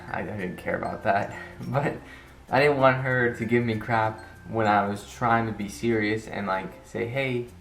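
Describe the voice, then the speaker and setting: A teenage man telling an embarrassing story to camera in a rambling, casual way, restarting sentences and acting out the quotes. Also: on the low side. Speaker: vlogger. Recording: roomy echo with faint guitar music.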